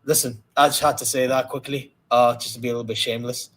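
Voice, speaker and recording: A young man co-hosting a football chat in an easy, teasing tone, dropping "bro" into his sentences. His voice sits in an ordinary middle pitch. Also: little pitch movement, fast talker, a bit bright. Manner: teasing, casual, says "bro" often. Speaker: podcast co-host.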